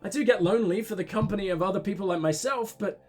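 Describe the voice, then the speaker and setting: A man reading the lines of a soft-spoken young widow in his own voice. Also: sits high, fast. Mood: polite. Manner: plain dialogue-reading.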